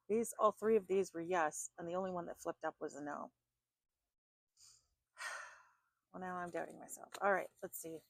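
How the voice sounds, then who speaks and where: Gravelly-voiced woman reading oracle cards. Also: lowish voice, fairly even intonation, measured pace, long pauses, no room sound. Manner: chatty, thinks aloud with fillers and restarts. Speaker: tarot card reader. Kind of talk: spoken oracle card reading.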